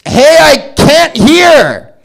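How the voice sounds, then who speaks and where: A comedian doing an impression of a brash New Yorker man in a put-on New York accent, drawn out and slow. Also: extremely high pitch, sing-song, creaky, a bit bright, voice pushed up, exaggerated voice. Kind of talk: stand-up impression.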